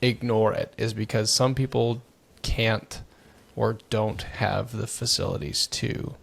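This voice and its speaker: Male podcast co-host, gravelly, rambling casual delivery full of restarts. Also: fairly low pitch, steady tone, slow pace. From United States. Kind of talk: casual chat.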